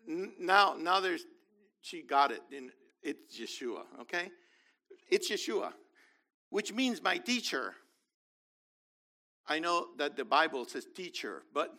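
Lively high-voiced man teaching scripture. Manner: enthusiastic, explains as he reads scripture aloud. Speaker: bible teacher. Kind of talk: animated bible teaching.

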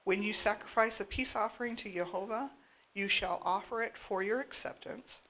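Woman reading scripture with a gravelly voice. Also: mid-range voice, normal speed. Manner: steady, plain reading. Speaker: scripture reader.

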